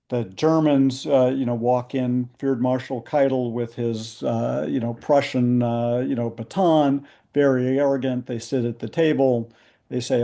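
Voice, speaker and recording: A man, an author, narrating history over slides on a video call, with many pauses and fillers. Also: medium pitch, creaky, dark tone. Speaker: book author. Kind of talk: book talk presenting slides.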